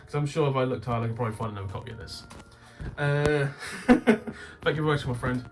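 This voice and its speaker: A man hosting a game-collecting channel, chatting casually as he opens his games, swearing freely and bursting into loud laughter. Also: medium pitch, fast, faint music behind. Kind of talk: casual unboxing chat.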